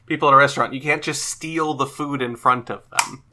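A man running a tabletop role-playing game as game master, relaxed and laughing often. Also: mid-range voice, brisk, noisy background.

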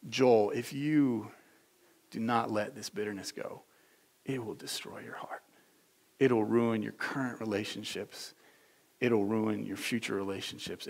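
A tender imagined God voice speaks low and quietly, almost in a whisper. A man puts it on in a sermon. It pleads patiently and earnestly, never harsh. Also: gravelly. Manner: soft, hushed, earnest pleading. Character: gentle, tender male voice of God, pleading softly.

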